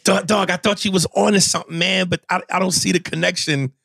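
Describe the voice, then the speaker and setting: A man co-hosts a comedy podcast, chatting loosely with lots of swearing and stammered restarts. His voice is gravelly, with a bit of fry. The sound is close and dry. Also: high-pitched, quick pace, dry recording. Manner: animated, profane, stammering restarts. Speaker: podcast co-host. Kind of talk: casual comedic chat.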